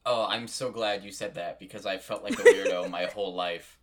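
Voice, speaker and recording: A man's voice: low-pitched, steady tone, fairly quick, a crowd in the background. A man co-hosting a casual chat, playful and fond of dramatic, theatrical wording. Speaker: podcast co-host.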